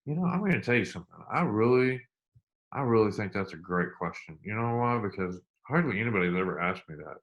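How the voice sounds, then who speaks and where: A middle-aged man speaks in a low voice. He tells his story with earnest repetition and slows right down when it matters. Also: expressive, dull audio. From United States. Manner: earnest, repeats himself, slow and emphatic at emotional points. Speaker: interview guest, army veteran. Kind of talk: candid storytelling interview.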